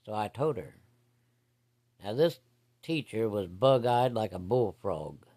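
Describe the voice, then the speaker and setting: A man's voice: lowish voice, expressive, slow, warm tone. A man casually telling a story from his own life in a blunt, folksy, profane way. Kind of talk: casual first-person storytelling.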